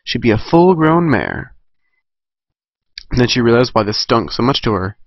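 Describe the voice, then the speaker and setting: Give me a casual male fanfic reader with a lively voice, dry and lo-fi. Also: medium pitch, unhurried, pauses often, dry recording. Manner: casual, self-correcting, chatty asides. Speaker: fan story reader. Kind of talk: amateur fan fiction reading.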